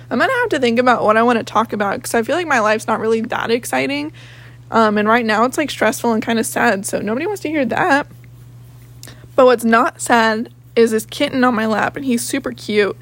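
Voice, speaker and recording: A young woman with a slightly high voice that has a gravelly, raspy edge, hosting her own podcast. She rambles in casual chat, swears freely, and jumps from one thought to the next. She is recording at home in her office. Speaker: podcast host.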